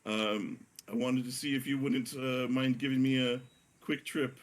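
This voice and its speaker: A man's voice: mid-range voice, fairly even intonation, measured pace, lightly acted. A man voicing a friendly male companion who talks in a chatty, confiding way. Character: friendly male guide showing the sights.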